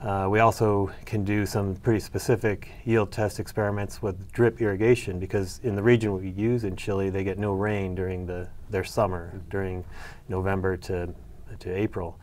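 A man's voice: sits low, level tone, moderate pace, a little mellow. A middle-aged man answering interview questions about his research, hesitant with many fillers and restarts. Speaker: soybean breeder and agronomy professor.

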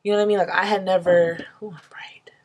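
A woman's voice: lowish voice, flat delivery, quick pace, a little mellow. A young woman telling a personal story to her camera, candid and emotional, casual and swearing freely. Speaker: vlogger.

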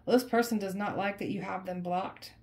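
A woman's voice: mid-range voice, steady tone, moderate pace, a little mellow, a little hiss or hum. A woman doing a casual tarot reading for viewers, talking in an emphatic, conversational way and often repeating her phrases. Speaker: tarot reader.

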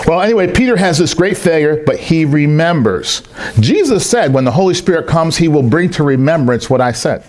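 Animated man preaching a sermon. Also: fairly high pitch, brisk. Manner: animated storytelling preacher, acting out quoted voices. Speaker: pastor. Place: church service in a rented hall.

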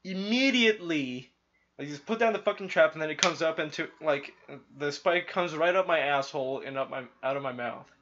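A young man giving casual, rambling gameplay commentary, full of profanity and sudden yelling outbursts. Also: fairly high pitch, fairly quick, few pauses, highs cut off, a little hiss or hum. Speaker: gaming video host.

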